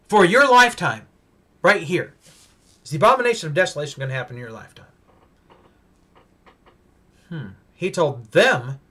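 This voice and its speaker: A male preacher giving a Bible-teaching sermon, emphatic and full of rhetorical questions, swinging between loud stresses and hushed asides. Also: fairly high pitch.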